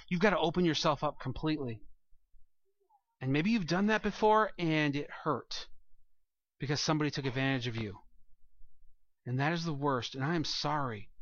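A man's voice: on the high side, fairly bright tone, muffled recording. A man preaching a sermon as pastor, earnest and rising to emphatic peaks, speaking to a congregation in a church room.

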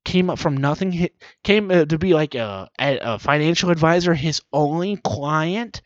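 A man's voice: a little high, moderate pace, no echo. A man delivering a profane comedic rant with mocking asides, swearing often. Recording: dull lo-fi dry recording.

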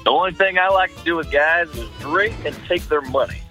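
A man's voice: a little high, brisk, sharp tone, soft background music, low-quality recording. A man doing a cocky trucker caller. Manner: laid-back, cocky drawl. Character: brash Texan truck-loving man, a caller.

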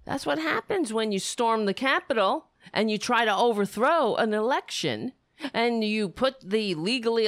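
A woman's voice: on the high side, no echo. A woman giving ranting political commentary, heated, sarcastic and swearing freely.

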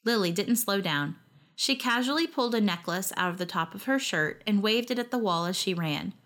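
A woman narrating a first-person story in a wry, lively storytelling manner. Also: medium pitch, brisk.

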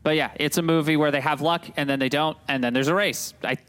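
A man's voice: on the high side, fairly even intonation, fast talker, fairly bright tone. A man hosting a casual podcast, joking and rambling in a self-deprecating way. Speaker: podcast host.

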